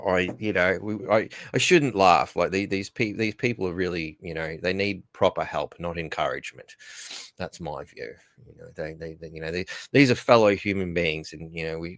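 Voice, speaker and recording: A rambling Australian man hosting a casual solo podcast, with a fairly low voice recorded close and dry. He trips over his words, repeats himself and chuckles at his own jokes as he goes. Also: creaky, a bit bright, no echo. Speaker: podcast host.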